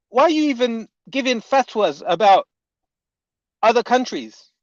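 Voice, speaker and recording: A man's voice: extremely high pitch, animated, unhurried, pauses often, no echo. A man delivering a heated, indignant reaction rant as an online commentator, often repeating his points. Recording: dull, dry lo-fi audio.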